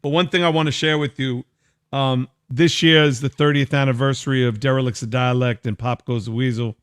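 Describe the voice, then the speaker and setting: A man's voice: mid-range voice, steady tone, brisk, smooth, no echo, clean studio sound. A man hosting a casual interview show, chatting loosely and reading out listener comments. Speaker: host.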